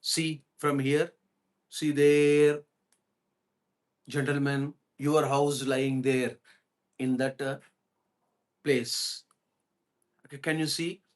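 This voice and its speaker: A man voicing a kindly robber who speaks softly and soothingly to his captive. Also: mid-range voice, level tone, very slow, long pauses. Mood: helpful.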